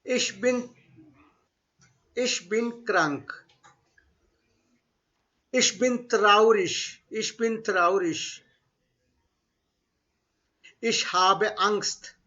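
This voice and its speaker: A high, bright-voiced man runs an online German lesson. He says each phrase slowly and more than once, then explains it in with bits of Hindi. The audio is dull and lo-fi, like a remote class. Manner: slow repeated model phrases, mixes English and Hindi. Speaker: German language teacher.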